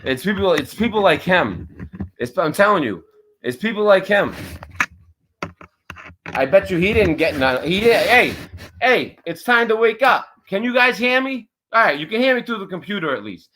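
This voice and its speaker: A man with a high, bright voice rants heatedly on his own livestream. His pitch swings widely as he lashes out, profane and confrontational. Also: sing-song, moderate pace, a little hiss or hum, poor audio. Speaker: livestream channel host. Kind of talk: angry livestream rant.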